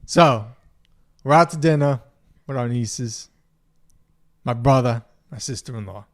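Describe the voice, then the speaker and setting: A man's voice: mid-range voice, measured pace. A man co-hosting a podcast in casual chat, teasing his wife and laughing often. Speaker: podcast co-host.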